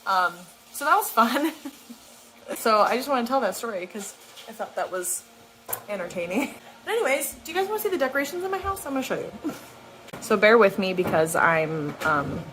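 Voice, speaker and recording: A young woman in her twenties, a vlogger, tells a story to camera at home, chatting and laughing often, with lots of ums and likes. Her fairly high voice is sing-song and fairly bright at normal speed. Filmed on a handheld camera on a gimbal, the low-quality recording has a little hiss or hum.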